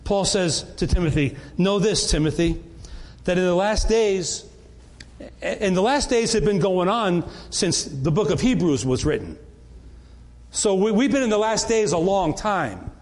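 A man's voice: sits high, expressive, a little slow. A middle-aged man, preaching a sermon to his congregation in an earnest, conversational way with frequent restarts. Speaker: pastor.

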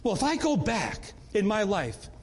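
A man's voice: high voice, wildly swooping pitch, a little slow. A man leading a Bible study in an earnest, conversational way, often repeating words and restarting.

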